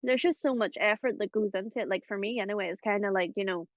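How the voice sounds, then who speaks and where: A woman hosts a relaxed chat, chatty and quick to laugh, piling up fillers as she talks. Her voice sits at a middle pitch, recorded close and dry with a slightly muffled, dull tone. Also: no echo. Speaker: host. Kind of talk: casual chat about voice acting.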